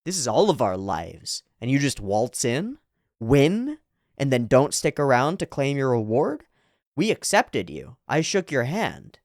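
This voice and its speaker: A man's voice: mid-range voice, big pitch swings, a little slow, dry recording. A proud rival rapper, stung and honor-bound, as a man acts him out, delivering an indignant lecture. The voice stays near his own, rising and falling sharply with each accusation. It is heard close and dry.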